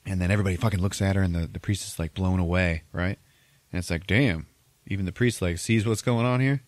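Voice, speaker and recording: Deep-voiced man recapping a movie. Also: no room sound. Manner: profane, laughing, acts out characters in quick bits. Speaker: podcast host.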